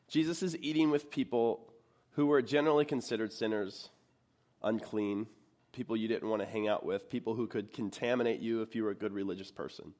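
A man's voice: mid-range voice, a little mellow. A man, a pastor, preaching a sermon in a church in a conversational way and putting questions to the congregation.

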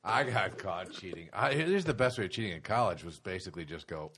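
Brief: co-host, man, bright and forward tone, wide-ranging pitch, quick to riff. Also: expressive, slightly rough. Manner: quick reactions, joins in on the jokes. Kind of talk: casual podcast chat.

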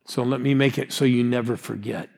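A man's voice: medium pitch, steady tone, fairly quick, creaky, a little mellow. Sixty-something pastor guy, rousing sermon, keeps calling out to the crowd, big echoey hall. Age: 60s. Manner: rousing, calls out to the congregation. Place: large church hall. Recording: long hall reverb.

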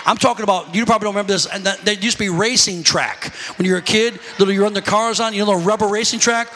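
A man's voice: sits high, steady tone, fast talker, sharp tone, big-room sound. A man preaching a sermon, telling stories animatedly and calling out to his congregation. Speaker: pastor.

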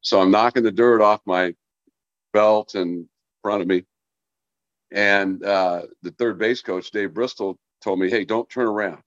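A man's voice: lowish voice, fairly even intonation, measured pace, dry recording. A man, a former baseball player, chatting on a podcast and telling long stories with restarts over a dull, dry remote line. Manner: storytelling, rambling with restarts. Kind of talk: casual podcast chat.

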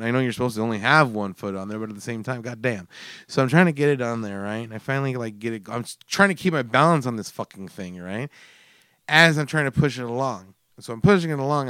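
Profane, animated man in his forties. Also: mid-range voice, smooth, no room sound, studio quality. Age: 40s. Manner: profane, animated storyteller acting out his own mishap. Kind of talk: casual storytelling chat.

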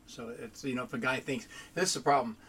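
A man who owns a body shop, chatting casually on a podcast and acting out his own stories with lively quoted dialogue. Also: medium pitch, fast, a little hiss or hum. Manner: animated storyteller, acts out dialogue.

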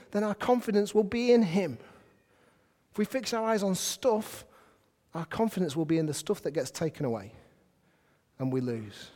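Lively preacher in a reverberant hall. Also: male voice, high-pitched. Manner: lively, conversational, asks the congregation questions. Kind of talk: sermon. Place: church hall.

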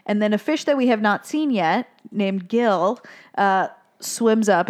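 A woman's voice: mid-range voice, a little slow. Woman, podcast co-host, casual recap, chatty, laughing. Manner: chatty, laughs while retelling scenes. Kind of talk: casual chat recapping a film.

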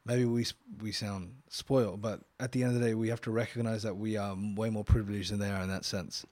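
A man hosting a casual podcast chat, chatty and quick to chime in with "yeah" while telling anecdotes. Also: on the low side, level tone, a little mellow, dry recording. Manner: chatty, back-channels "yeah" a lot, drops into quoted anecdotes.

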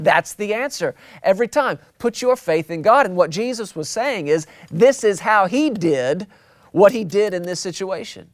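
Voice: mid-range voice, expressive, normal speed, no room sound. Emphatic pastor preaching in a dry, close sound. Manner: emphatic and repetitive, stretching key words for weight. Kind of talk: sermon.

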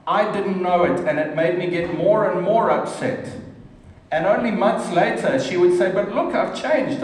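A middle-aged man preaching earnestly and emphatically, recorded from far off in a hall. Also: high voice. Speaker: pastor. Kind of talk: sermon. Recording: echoey hall from far off, faint noise.

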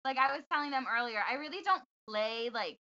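Chatty woman guest, bright voice. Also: sits high, lively intonation, a little fast, highs cut off. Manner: chatty, many fillers, laughs often. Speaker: podcast guest. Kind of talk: casual chat.

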